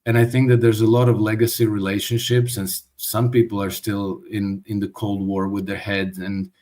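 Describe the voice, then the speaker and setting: A man's voice: fairly low pitch, level tone, moderate pace, a little mellow. A man giving an interview as a guest commentator, talking in a thoughtful way and often restarting his words. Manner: thoughtful, with frequent restarts and stammers. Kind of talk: conversational interview.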